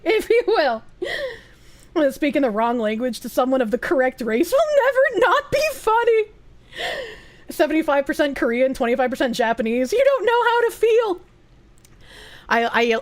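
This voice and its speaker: A woman streamer talks casually to her chat, crude and teasing, often breaking into laughter. Her voice sits high and moves with lively swings in pitch.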